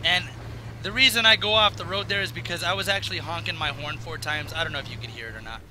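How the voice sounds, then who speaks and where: A man with a high, very bright voice that has gone raw and strained talks through a video game. He rambles and jokes, jumping between excitement and low muttering. A faint hiss sits under the recording. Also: quick pace, rough recording. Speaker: gaming commentator. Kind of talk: casual gameplay commentary.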